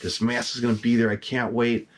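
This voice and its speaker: A middle-aged man, a collector, telling a long story about his masks in casual, excitable talk. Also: medium pitch, brisk, a little hiss or hum. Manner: animated, excitable, swears casually.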